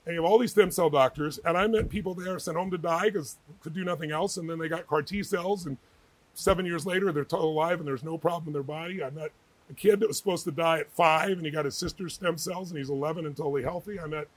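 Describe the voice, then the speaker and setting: Fast-talking husky man telling stories. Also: on the high side, poor audio. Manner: energetic, emphatic, quick storyteller. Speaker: guest author. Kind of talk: animated interview storytelling.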